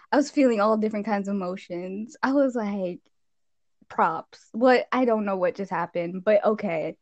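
A young woman in casual chat, telling game stories with lots of laughter and animation. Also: mid-range voice. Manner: animated storytelling, frequent laughter.

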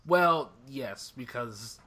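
A man's voice: mid-range voice, expressive, extremely slow, bright, forceful tone. A man co-hosting a casual podcast chat, laid-back and laughing often. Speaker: podcast co-host.

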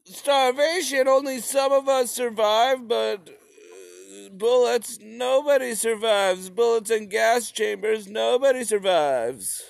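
A man voicing a crowd of frantic, starving Ukrainian peasants, whiny and pleading in a much higher voice. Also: slow, vocal fry, no echo, full character voice. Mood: panicky. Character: frantic hungry Ukrainian peasants, shrill and desperate.

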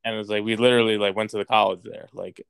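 Rambling young man, smooth voice. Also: lowish voice, level tone, racing, no room sound. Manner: rambling, heavy use of "like". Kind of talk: casual conversation.

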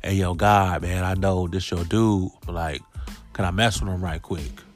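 A man's voice: low voice, steady tone, moderate pace, soft background music, close to an everyday voice. A man voicing street-tough male demons who talk in challenging slang. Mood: defiant.

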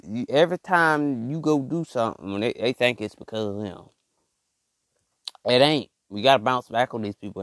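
A man's voice: mid-range voice, dry recording, clean studio sound. A man and father hosting a motivational monologue, emphatic and repetitive, in casual slang. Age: adult father. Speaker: podcast host.

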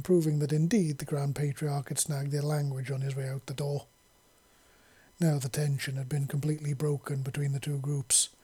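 Mellow, husky amateur story narrator. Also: mid-range voice. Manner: unpolished reading with self-corrections. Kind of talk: amateur fan-fiction reading.

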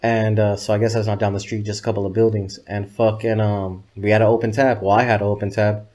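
A man's voice: on the low side, flat delivery, fast, darkish tone. A man telling loose, profane anecdotes as an interview guest. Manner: profane, loose, rambling anecdotes with quoted dialogue. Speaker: guest, videographer. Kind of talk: casual interview storytelling.

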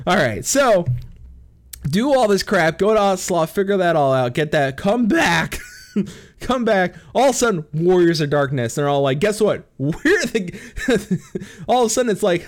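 High, lively man in a profane comic rant. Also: normal speed. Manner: profane, laughing often, acts out characters. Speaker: storyteller recapping a game plot. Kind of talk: rambling comedic recap.

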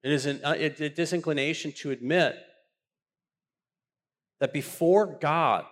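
A male pastor delivering a sermon in a fairly high voice. He preaches with passion and stumbles over repeated words as he builds toward each point. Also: a little slow.

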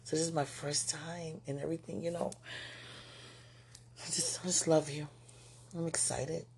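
A woman's voice: low-pitched, flat delivery, moderate pace, darkish tone, slight background noise. A woman hosting a spiritual podcast, speaking to a loved one in a gushing, giggly, rambling way, full of "you know"s. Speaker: podcast host.

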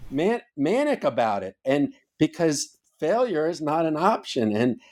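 A man's voice: on the high side, big pitch swings, unhurried, a little mellow. An older man, a former officer, tells stories in a podcast interview, emphatic and swearing freely. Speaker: podcast guest, former Coast Guard officer. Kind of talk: casual storytelling interview.

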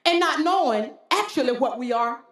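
A woman pastor with a high, somewhat bright voice and lively intonation preaches at a normal pace, the sound roomy around her. She leans on folksy talk and a frequent "Huh?" to draw call-and-response from the congregation.

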